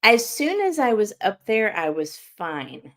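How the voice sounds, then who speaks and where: A woman hosting an interview podcast, telling a story in a lively way, laughing often and acting out what people said. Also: medium pitch, a little slow. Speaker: podcast host. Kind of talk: casual interview chat.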